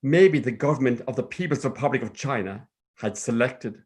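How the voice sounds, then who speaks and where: A man with a Cork Irish accent telling a personal story in a measured, sing-song way. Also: mid-range voice, a little mellow, slightly rough. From Ireland.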